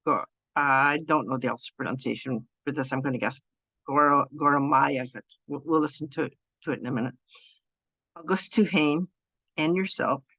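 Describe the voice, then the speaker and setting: A woman leads a beginners' lesson from her computer over Zoom, recorded dry and close with no room around her. Her speech is loose and halting, and she often stops and restarts mid-phrase. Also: rumbling low, fairly bright tone, slightly rough, dry recording. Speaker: Irish language teacher. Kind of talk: screen-share online lesson. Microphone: computer mic over Zoom.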